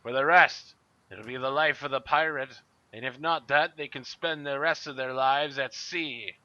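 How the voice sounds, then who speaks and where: A man doing a booming pirate captain. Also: moderate pace, pushed and bright, no echo, lightly acted. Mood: commanding. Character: loud brutal male pirate captain. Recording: muffled lo-fi recording.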